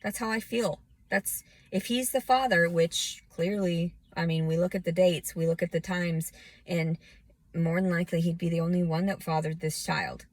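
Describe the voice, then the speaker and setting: A woman in her thirties rambles through an emotional rant, jumping between thoughts and restarting her sentences. Her voice sits a little low. The sound is dry and close, with no room around it. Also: steady tone, normal speed, darkish tone, no room sound, poor audio. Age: 30s. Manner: scattered, emotional, restarts often and fights back tears. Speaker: vlogger. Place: outdoors.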